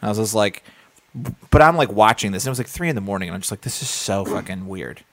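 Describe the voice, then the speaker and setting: A male comedian with a lowish voice, recorded dry and close. He rambles casually through anecdotes, acts out the people in them and swears easily. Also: animated, quick pace, dry recording. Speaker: comedian and co-host. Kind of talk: casual podcast chat.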